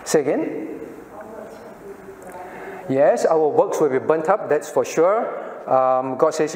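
Earnest pastor teaching in an echoey hall. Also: male voice, fairly high pitch, expressive, takes it slowly, pauses often, a little mellow. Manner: earnest, questions the class and calls on people by name. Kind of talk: interactive Bible class teaching.

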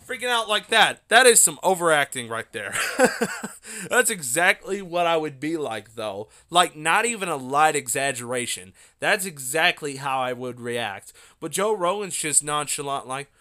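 An excitable man hosting his own podcast, telling a story casually and laughing often. His voice sits a bit high and sounds bright and smooth. He is recorded on a phone. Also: normal speed. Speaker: solo podcast host.

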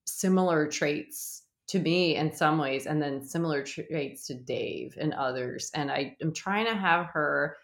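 A woman's voice: sits low, measured pace, few pauses. Woman in her 30s chatting away, lots of "like", kinda echoey room. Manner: animated, laughs often, fillers like "like". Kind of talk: casual chat.

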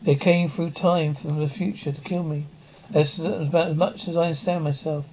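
A man's voice: fairly high pitch, steady tone, moderate pace, dark tone, slight background noise, lightly acted. A man as Trent, tense hunted man, 1960s TV. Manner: urgent and insistent. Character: tense driven man hunted through time. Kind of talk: 1960s TV drama acting. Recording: dull lo-fi 1960s TV soundtrack.

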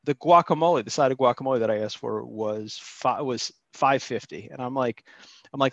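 A man's voice: medium pitch, a little fast, fairly bright tone, dry recording. A man calling in to tell a story in a rambling, indignant way. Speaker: caller telling a story. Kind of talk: casual phone-in storytelling. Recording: dull, dry lo-fi line.

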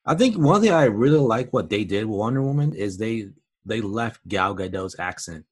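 A man co-hosting a podcast in casual chat, laid-back and quick to agree. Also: fairly low pitch, expressive, husky. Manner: laid-back, agrees a lot, many "like" and "you know" fillers. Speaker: podcast co-host.

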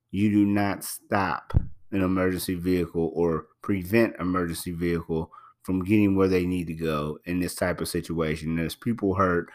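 A man hosting a podcast in casual spoken commentary, talking emphatically, repeating himself and using many fillers. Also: low-pitched. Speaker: podcast host.

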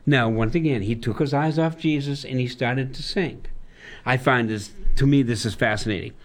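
Man, pastor, conversational Bible talk, slow scripture reading, medium pitch. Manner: reads scripture aloud slowly in old-style wording.

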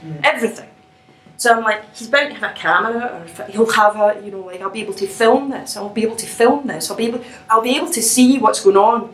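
Animated woman telling a personal story. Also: on the high side, quick pace, roomy sound, poor audio. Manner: animated, laughing, self-mocking.

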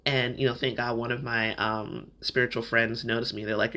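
A man's voice: medium pitch, steady tone, a little fast, pushed and bright. A man hosting a podcast, telling a candid personal story in a reflective, conversational way with plenty of fillers. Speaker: podcast host.

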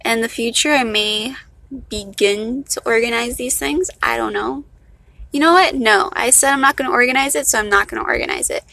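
Bright, chatty Miami woman with a valley-girl lilt. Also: on the high side, moderate pace, vocal fry, no room sound, poor audio. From Miami, Florida. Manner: chatty, self-mocking, loose. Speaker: vlogger. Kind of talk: casual unscripted rambling.

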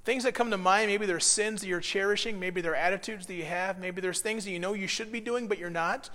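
A man leading a devotional Bible study, earnest, moving between hushed reflection and excited praise. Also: high-pitched, brisk, in a large hall. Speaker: pastor.

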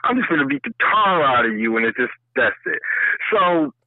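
A man in casual chat, profane and emphatic, with a voice that sits a bit high and swings lively in pitch. He sounds like he is on a tinny, phone-like line with no room sound. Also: moderate pace, dry recording. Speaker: co-host.

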